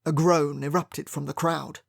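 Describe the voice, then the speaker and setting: A wry, measured first-person audiobook narration of a period mystery. The voice sits at a middle pitch. The recording is close and completely dry. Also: level tone, gravelly, no echo.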